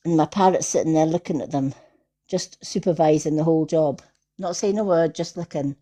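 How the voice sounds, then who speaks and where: Woman, lower voice, chatty storyteller for a live-stream scene. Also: fairly quick, mellow. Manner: chatty anecdotes with frequent laughter. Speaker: tarot reader hosting a live stream. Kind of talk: casual chat, storytelling. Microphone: phone or computer on a live stream.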